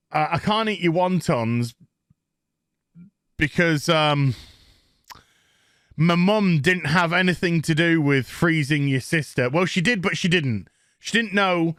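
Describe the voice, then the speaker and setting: A man's voice: on the high side, a bit bright, no room sound, clean studio sound. A man with a Northern English accent recapping a TV episode in a crude, mocking rant, putting on silly voices for the characters. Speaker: TV show reviewer.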